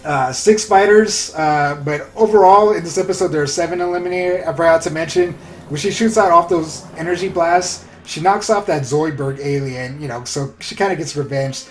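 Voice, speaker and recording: A man casually recapping an anime episode in a rambling, excitable way, full of fillers. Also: a little high, moderate pace. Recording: roomy echo with faint music.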